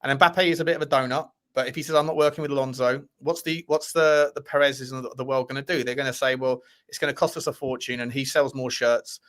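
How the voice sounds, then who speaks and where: A man's voice: mid-range voice, steady tone, quick pace, few pauses, fairly bright tone. A man co-hosting a casual football news chat, jokey and full of restarts and fillers. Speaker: co-host of a football news show.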